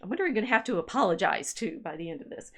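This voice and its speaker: A woman's voice: medium pitch, animated, very fast. A woman historian co-hosting a casual livestream chat, musing aloud as she reads through family records. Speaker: podcast co-host and historian.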